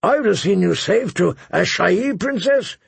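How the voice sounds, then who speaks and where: A man's voice: high-pitched, lively intonation, normal speed, creaky, slightly rough, dry recording, pitched above the performer's own voice, full character voice. A man voicing an anxious, protective older knight in an audiobook reading, with a strained, pleading manner.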